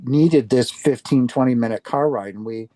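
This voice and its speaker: A man's voice: mid-range voice, moderate pace, dark tone, dry recording. An older man from Wisconsin, telling his personal story as an interview guest in an earnest, heartfelt way. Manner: earnest, heartfelt, acts out quoted speech.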